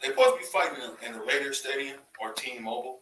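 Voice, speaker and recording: A man from Cleveland hosting a casual boxing talk show, animated and laughing often as he repeats his points. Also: mid-range voice, quick pace, echoey room, rough recording. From Cleveland, USA. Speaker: podcast host.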